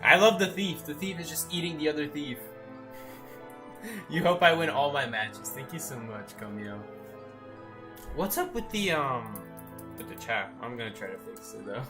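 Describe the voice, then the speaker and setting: A young adult game streamer telling stories in casual chat, animated and often asking "right?". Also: medium pitch. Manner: animated storyteller, tags lines with "right?". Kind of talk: casual chat while gaming.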